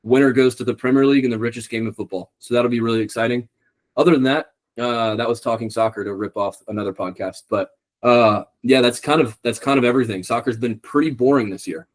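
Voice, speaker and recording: A man's voice: mid-range voice, quick pace. A young man co-hosting a podcast in casual chat, rambling with lots of ums and swearing freely. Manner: rambling, profane, many ums. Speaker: podcast co-host.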